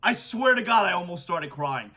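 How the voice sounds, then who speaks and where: A man hosting a sports podcast, talking emotionally and excitedly in a monologue with many stammered restarts. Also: sits high, moderate pace, husky. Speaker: podcast host.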